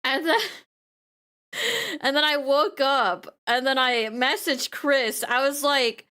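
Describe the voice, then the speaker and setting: High-pitched woman streamer, casual chat, keeps giggling and repeating words. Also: animated, slow, bright, forceful tone. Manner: giggly, laughs through her words often; stumbling restarts and repeated words.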